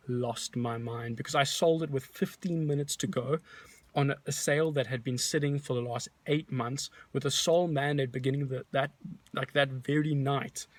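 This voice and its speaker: A man's voice: mid-range voice, dry recording. Man telling a story in a rambling way. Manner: animated, rambling retelling with many restarts. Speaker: real estate agent. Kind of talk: casual storytelling vlog.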